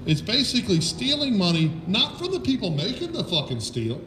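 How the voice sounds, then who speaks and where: A man's voice: high-pitched, huge pitch swings, a little fast, a bit bright, a little hiss or hum. A middle-aged man hosting a casual political chat, talking bluntly and swearing freely as he rants his opinions. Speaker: podcast host.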